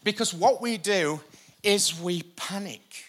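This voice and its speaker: A male pastor preaching a sermon, energetic and repetitive for emphasis. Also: sits high, slow. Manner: energetic, repeats lines for emphasis, uses a helper for a live demonstration. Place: church stage before a congregation.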